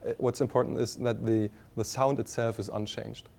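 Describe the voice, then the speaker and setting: German lecturer with a mellow voice. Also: male voice, mid-range voice, fairly even intonation, vocal fry. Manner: halting, many fillers and restarts, asks the class questions. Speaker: university lecturer. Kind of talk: classroom lecture.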